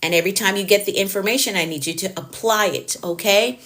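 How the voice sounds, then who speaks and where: A middle-aged woman with a Jamaican accent, a productivity coach who talks quickly and passionately to her viewers on a live stream. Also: medium pitch, a bit bright. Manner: fast-talking and passionate, addresses viewers directly.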